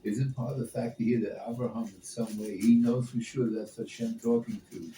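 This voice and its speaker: A man in a class discussion, asking searching, drawn-out questions. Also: medium pitch, fairly even intonation, mellow. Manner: searching, builds long questions. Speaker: class participant. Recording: roomy and distant with faint background noise.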